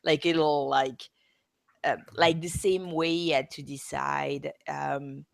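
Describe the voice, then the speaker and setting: Woman podcaster, gravelly voice, dry close mic, kinda halting. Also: deep voice, steady tone, no echo. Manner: halting, full of fillers and restarts. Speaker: podcast co-host. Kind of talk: casual podcast discussion. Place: home room.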